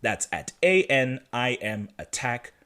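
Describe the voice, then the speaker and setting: Lively, laughing male podcast co-host. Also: medium pitch, slow. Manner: animated, laughing storyteller. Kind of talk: casual episode recap chat.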